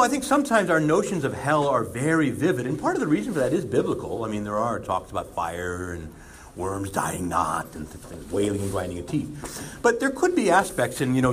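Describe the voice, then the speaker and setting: A man, a priest, giving a conversational sermon with animated asides. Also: on the low side. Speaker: Catholic priest. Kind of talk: sermon talk.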